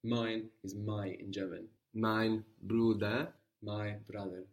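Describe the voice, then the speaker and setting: A man teaching a guided language lesson, patiently prompting and repeating answers slowly. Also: on the low side, level tone, recorded from a distance.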